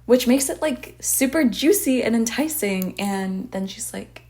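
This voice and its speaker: A woman's voice: on the high side, lively intonation, measured pace, hardly any pauses, a little mellow. A young woman hosting a podcast, recapping a movie in rambling casual chat, full of filler words and swearing. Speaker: podcast host.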